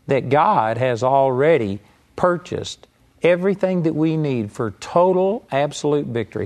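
A man preaching a teaching sermon, earnest and direct, with a live audience present. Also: mid-range voice. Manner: earnest, mimics whiny pleading voices in quotes.

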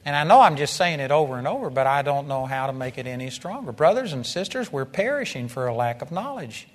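A man's voice: medium pitch, expressive, fast. A man preaching a sermon to a congregation, impassioned and repetitive, building to emphatic peaks. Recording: long reverb of a large hall.

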